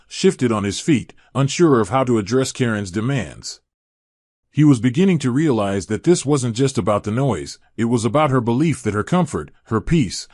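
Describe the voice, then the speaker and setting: A man reading a scripted story in an even, measured way. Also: mid-range voice, no room sound, studio quality. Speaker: narrator.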